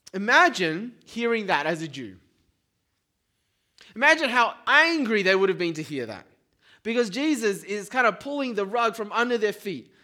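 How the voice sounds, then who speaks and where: A man preaching a sermon in a relaxed, conversational way, often checking in with the congregation. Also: high-pitched. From Australia. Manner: informal, keeps checking in with "right?".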